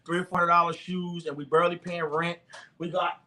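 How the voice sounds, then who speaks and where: High voiced preacher guy, fervent and repetitive, bright tone. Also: little pitch movement, a little fast. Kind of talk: sermon-style talk to the camera.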